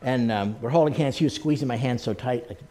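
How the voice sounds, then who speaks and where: An earnest male pastor preaching, his voice sitting at an ordinary middle pitch. He speaks in a lively storytelling manner, leaning into each anecdote. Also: quick pace. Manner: earnest storytelling, acting out the people he quotes. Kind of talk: sermon with personal stories.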